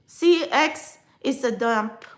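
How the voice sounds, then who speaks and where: A woman's voice: a little high, slow. A woman whose first language is a Filipino dialect, vlogging about her past in a rambling, emotional way with many restarts. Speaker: spiritual vlogger. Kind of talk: emotional personal vlog.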